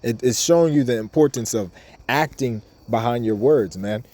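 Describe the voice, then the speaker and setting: A man's voice: medium pitch, moderate pace, darkish tone. A man giving an informal scripture lesson in a casual, repetitive way, reading verses aloud between his own comments. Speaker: bible teacher.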